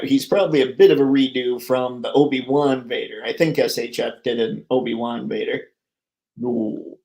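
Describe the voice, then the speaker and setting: A man's voice: medium pitch, a little mellow. A man hosting a live stream about toy collecting, talking casually with viewers in an upbeat, jokey way.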